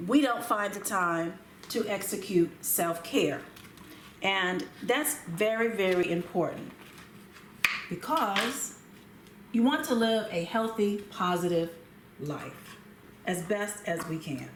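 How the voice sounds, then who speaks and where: A woman hosting a cooking show, speaking gently and without hurry while she prepares food in a kitchen. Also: mid-range voice, echoey room, slight background noise. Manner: gentle, unhurried, talks while working. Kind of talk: cooking demonstration with calm chat. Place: home kitchen.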